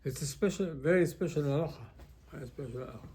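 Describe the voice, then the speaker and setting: Rabbi with a mellow, slightly high voice. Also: male voice, slightly rough. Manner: conversational, asks rhetorical questions; broken, halting phrasing. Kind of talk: informal Torah class.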